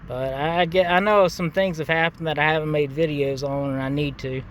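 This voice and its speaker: A man's voice: a little high, steady tone, a little fast, a little hiss or hum. Laid-back man swapping a profane anecdote. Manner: profane, laid-back storytelling with many fillers. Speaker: gaming channel host. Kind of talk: casual anecdote.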